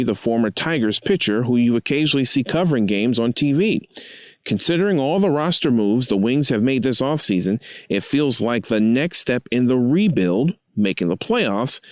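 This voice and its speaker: A man sports reporter reading a scripted update in a brisk, upbeat way. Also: medium pitch, darkish tone, no room sound.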